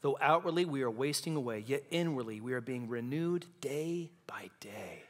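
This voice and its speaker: Pastor with a high voice, delivering a sermon that swells to passion and sinks to near-whispers. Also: male voice. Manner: impassioned preaching, swelling and dropping to hushed tones. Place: church sanctuary.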